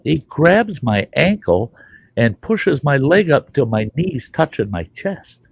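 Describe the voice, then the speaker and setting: A middle-aged man hosts a show, telling rambling stories in casual chat, cursing plenty and laughing partway through. His mid-range voice swings widely in pitch and comes out slow, creaky and a bit breathy, in a dry recording.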